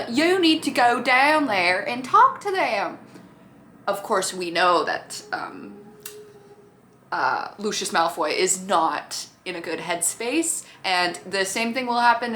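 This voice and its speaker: A woman who reviews TV shows talks casually to her camera about one, swearing freely and acting out the characters' lines in a chatty way. Her mid-range voice is a bit bright, with slight background noise.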